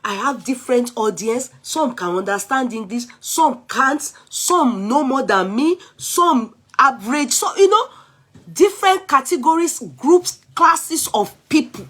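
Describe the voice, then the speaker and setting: A Nigerian woman with a somewhat high-pitched voice talks straight to her viewers in a loose, animated rant. She mixes English, Yoruba and pidgin as it flows. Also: unhurried, slightly rough. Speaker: vlogger. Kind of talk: casual chatty rant.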